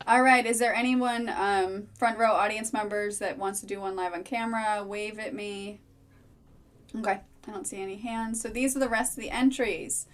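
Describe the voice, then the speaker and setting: A woman's voice: mid-range voice, fairly even intonation, moderate pace. A woman co-hosting a casual group video chat, calling on people and reading out entries. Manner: reads out audience entries, calls on people.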